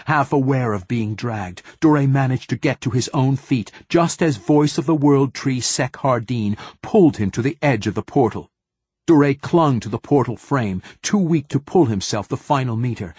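A man giving measured, dramatic scripted narration of a science fiction audiobook. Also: medium pitch, a little mellow, breathy edge, no echo.

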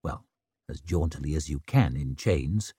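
A man narrating an audiobook in an expressive, wry storytelling manner. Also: extremely low pitch, measured pace, breathy edge, dry recording, clean studio sound. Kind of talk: scripted narration.

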